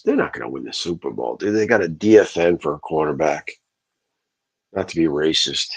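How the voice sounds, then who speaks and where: A man's voice: extremely low pitch, husky, low-quality recording. A man ranting casually on a livestream, rambling and swearing as he answers his chat. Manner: profane, rambling, talks back to chat.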